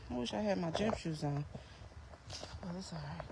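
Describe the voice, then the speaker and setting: A woman's voice: lowish voice, moderate pace, creaky, very noisy. A woman vlogging casually on an outdoor park trail, a little out of breath, chatting and teasing her kids as she walks, on a handheld phone. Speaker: vlogger and mother. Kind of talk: casual walking vlog.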